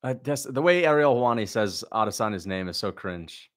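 This young male livestream host has a lowish, expressive voice and a brisk delivery. Watching a fight, he chats casually, reads viewer questions out loud, and sarcastically, bluntly mocks what's happening.

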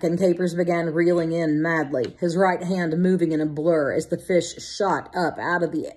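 A woman narrating a novel as an audiobook in a measured, vivid storytelling manner. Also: lowish voice, darkish tone, husky. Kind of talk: scripted narration.

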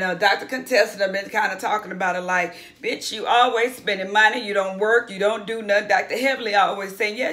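Bright-voiced woman recapping a show. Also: mid-range voice. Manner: chatty, blunt and profane, acts out what the cast said. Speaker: YouTube reality-TV recapper.

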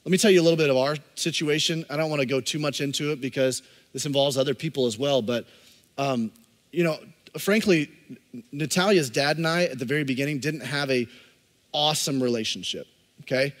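Impassioned pastor preaching in a big hall. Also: male voice, a little high, a little fast. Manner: impassioned preaching that swings from loud emphasis to soft, intimate asides. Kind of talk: sermon. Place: church sanctuary.

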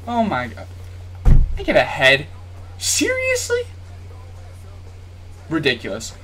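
A man's voice: mid-range voice, sing-song, moderate pace, sharp tone, faint music behind. A man giving casual commentary on a basketball video game as he plays, talking straight to his viewers, jumping between yelps and nervous muttering. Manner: talks straight to viewers, asks for likes. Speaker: YouTube gamer.

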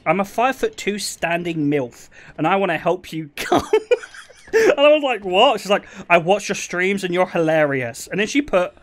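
A man in his twenties chats on stream in an animated way, swearing and laughing through his stories. His voice sits high and jumps all over the place as he talks. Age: 20s. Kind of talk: casual stream chat.

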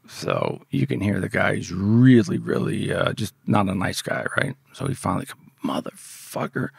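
A man's voice: low voice, expressive, normal speed, creaky, slightly rough, no room sound, studio quality. A man telling a story from his past in casual, profane speech, often acting out the voices of the people in it. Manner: profane, vivid, acts out quoted voices.

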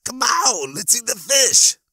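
A man's voice: very high-pitched, huge pitch swings, takes it slowly, sharp tone, breathy edge, dry recording, clean studio sound, voice pushed up, full character voice. A man voicing a pushy little hunger pang in a comedy audiobook, nagging with wheedling insistence.

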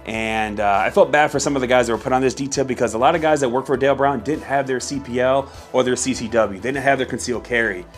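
A man's voice: medium pitch, fast, hardly any pauses, faint music behind. Laid-back man telling a profane story. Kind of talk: casual storytelling to camera.

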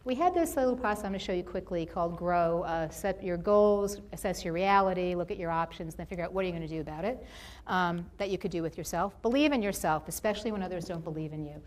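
A woman's voice: on the low side, quick pace. A woman giving a motivational talk on campus, telling stories and acting out the people she quotes in livelier voices. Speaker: guest speaker.

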